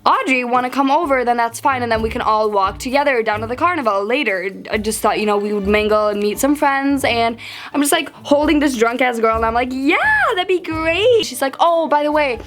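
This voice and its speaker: A teenage girl telling a story to camera in a chatty, animated way, full of fillers and acted-out quotes. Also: on the high side, fairly quick. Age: teens. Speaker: vlogger. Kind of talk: storytime vlog.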